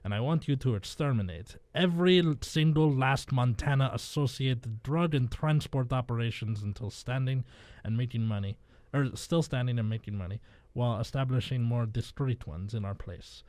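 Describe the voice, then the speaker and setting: A man doing a menacing drug kingpin, reading his orders slowly and stiffly. The fake Spanish accent is unconvincing and leans Russian. The voice is dry and close. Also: fairly low pitch, mellow, no echo, natural voice. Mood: commanding. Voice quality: clumsy put-on Spanish accent that sounds Russian. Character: scheming middle-aged male drug lord boss.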